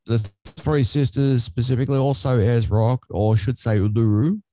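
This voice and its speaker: An Australian man co-hosting a casual chat show, rambling along and filling his pauses with "uh". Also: mid-range voice, steady tone, mellow.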